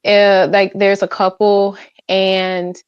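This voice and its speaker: A woman giving her views on a gaming talk show, measured and hesitant with many fillers. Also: mid-range voice, completely flat delivery, clear, resonant tone, dry recording. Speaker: podcast panelist. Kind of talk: casual gaming chat. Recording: dull lo-fi mic.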